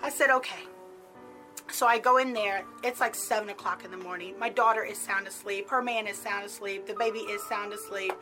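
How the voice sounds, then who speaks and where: A woman's voice: medium pitch, fairly even intonation, fairly quick, pushed and bright, faint music behind, poor audio. A middle-aged woman casually telling a personal story, chatty and full of filler words. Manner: chatty, peppered with "like".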